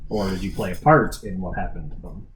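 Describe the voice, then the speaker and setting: A man's voice: sits low, brisk, a bit bright, echoey room, low-quality recording. A man voicing Harmony, a cautious female adventurer who asks careful questions, with many hesitations and restarts. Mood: probing.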